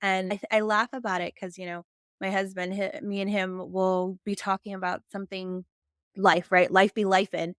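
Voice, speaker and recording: Upbeat woman host, smooth dry voice. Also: mid-range voice, level tone, dry recording. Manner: upbeat and affirming, quick to agree. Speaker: podcast host. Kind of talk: faith-based business interview.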